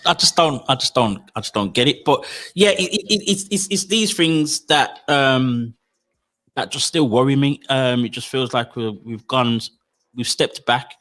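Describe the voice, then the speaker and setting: Dude co-hosting, bright voice, keeps tripping over his words and restarting. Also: mid-range voice, normal speed. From United Kingdom. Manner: animated, stammering restarts, slangy. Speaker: podcast co-host. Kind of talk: casual chat.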